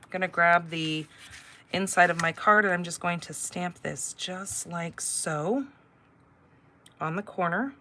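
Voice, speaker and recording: A woman's voice: lowish voice, a little slow, bright, forceful tone, a little hiss or hum. Chatty woman hosting a crafting class. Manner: chatty, rambling storyteller with filler words. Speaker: card-making class host. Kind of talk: casual live crafting demonstration.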